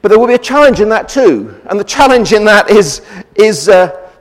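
Preacher in a reverberant hall. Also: male voice, high-pitched, very animated, normal speed. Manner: conversational, with frequent restarts and rhetorical questions. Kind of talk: sermon. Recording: long reverb of a church hall.

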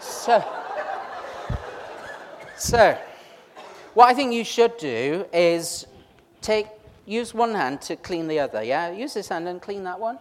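A man's voice: high-pitched, animated, slow pace, long pauses, slight background noise. A man preaching an interactive Easter sermon, chatty and teasing as he pulls the congregation in. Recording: long reverb of a large hall.

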